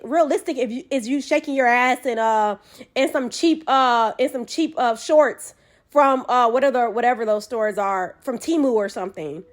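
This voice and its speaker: A woman with a Southern American drawl delivers a casual rant straight to camera. Her voice sits high, and she hammers her points with repeated phrases, breaking in with frequent ums and false starts. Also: moderate pace. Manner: emphatic, repetitive, with frequent ums and restarts. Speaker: commentary vlogger.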